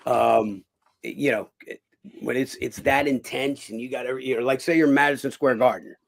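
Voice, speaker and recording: A man with a gravelly, rough voice of medium pitch talks as a guest in a casual interview; he's a former boxer and cut man. He speaks briskly with fairly even intonation, telling energetic stories, acting out others' lines and swearing freely.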